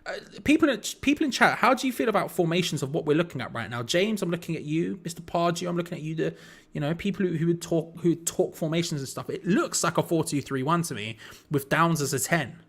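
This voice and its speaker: A man's voice: a little high, expressive, quick pace, a bit bright, breathy edge. A young man hosting a live football watch-along, calling the play casually and chatting to viewers with frustrated asides. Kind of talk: live match commentary and chat.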